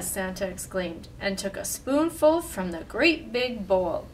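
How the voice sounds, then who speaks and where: A woman reading a storybook aloud with animated, expressive delivery, then leading a simple craft. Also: medium pitch, measured pace, recorded from a distance, a little hiss or hum.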